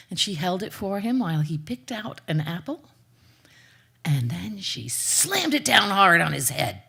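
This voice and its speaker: A woman's voice: low voice, very animated, a little slow, creaky, fairly bright tone, slightly rough. A woman storyteller telling a folk tale live, dramatic, with playful asides to the audience.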